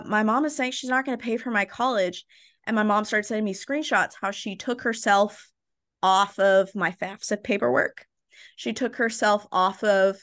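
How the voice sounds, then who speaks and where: Animated young woman telling her story. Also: mid-range voice. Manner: animated, tags points with "right?" and "like". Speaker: podcast guest. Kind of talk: candid storytelling in a podcast conversation.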